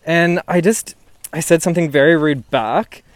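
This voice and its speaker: A man's voice: on the high side, normal speed, no echo. A man from Newcastle telling a story casually and animatedly, swearing and laughing as he goes.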